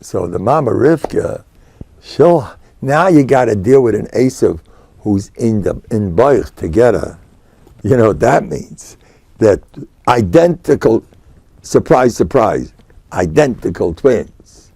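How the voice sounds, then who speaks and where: Older american rabbi rambling thru a torah class, lots of yiddish words, gravelly dark voice. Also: male voice, medium pitch, dry recording. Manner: digressive, animated storytelling with Yiddish and Hebrew terms. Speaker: rabbi and spiritual mentor. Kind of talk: Torah lecture.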